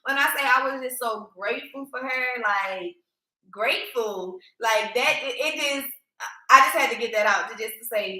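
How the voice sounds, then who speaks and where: A woman co-host talks through a personal story in casual, emphatic chat, often turning to her listeners directly. Her voice is bright and sits a little high. The room around her rings with echo. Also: moderate pace. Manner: animated, emphatic, addresses listeners as y'all. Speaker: podcast co-host. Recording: echoey room.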